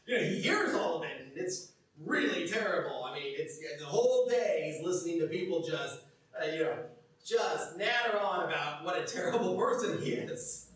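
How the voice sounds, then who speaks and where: A man preaching a sermon as pastor, telling stories animatedly, acting out quotes and dropping from loud to hushed. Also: fairly high pitch, expressive, moderate pace, a little hiss or hum. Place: church. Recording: echoey church hall from far off.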